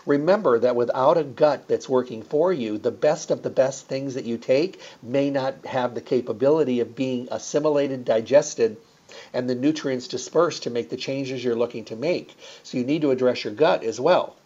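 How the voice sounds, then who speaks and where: A man's voice: medium pitch, normal speed, mellow. A man talking casually in a mid-range voice, rambling on with plenty of fillers and restarts. The recording is slightly dull and lo-fi. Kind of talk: casual promotional talk.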